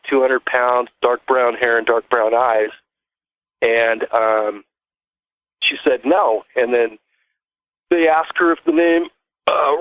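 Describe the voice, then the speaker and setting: A man calling in to a show and telling a long story in a halting, rambling way, full of restarts. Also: medium pitch, no room sound. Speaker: caller. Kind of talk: casual call-in storytelling. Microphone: phone. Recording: tinny dry phone line.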